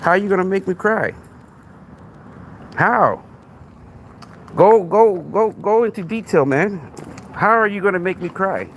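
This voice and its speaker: A podcast host with a Texan accent, confronting a commenter on a live stream and asking one rhetorical question after another. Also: male voice, sits high, lively intonation, unhurried, pauses often, slight background noise.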